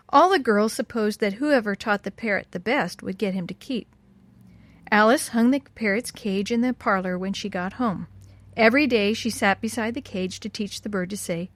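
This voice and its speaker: A woman narrating a children's story in an expressive, lilting read-aloud style. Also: medium pitch, moderate pace, no room sound.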